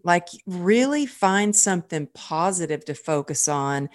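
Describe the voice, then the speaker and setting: A woman's voice: lowish voice, lively intonation, unhurried. A woman hosting a podcast interview in a casual, effusive way, full of praise for her guest. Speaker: podcast host.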